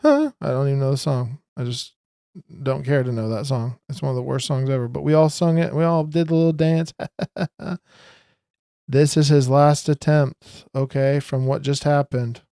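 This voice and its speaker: A man giving a casual commentary vlog, talking in an emphatic, rambling way that rises into loud bursts. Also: medium pitch, level tone, moderate pace, clear, resonant tone, no room sound, studio quality. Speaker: video commentator.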